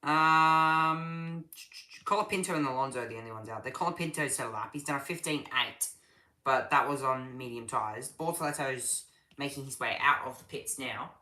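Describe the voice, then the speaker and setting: A man talks through a live race session in a loose, chatty way, stumbling and restarting his sentences as he answers viewers. His voice is bright and forceful. The sound is roomy, with a clear echo from the space around him. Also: medium pitch. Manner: chatty and halting, with frequent restarts while reading chat. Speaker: livestream race commentator. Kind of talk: casual live watch-along commentary.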